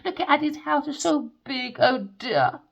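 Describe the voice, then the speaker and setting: A woman's voice: high-pitched, normal speed, creaky, a bit bright, voice pushed up. A woman putting on a sugary, affected voice to mock a gushing woman who calls everyone darling. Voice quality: mocking, sing-song. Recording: dull lo-fi recording.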